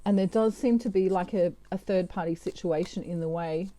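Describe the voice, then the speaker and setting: Woman doing a chatty tarot reading, mellow deep-toned voice, lots of "you know". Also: moderate pace. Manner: chatty, with frequent fillers and asides. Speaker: tarot reader. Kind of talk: casual channelled tarot reading.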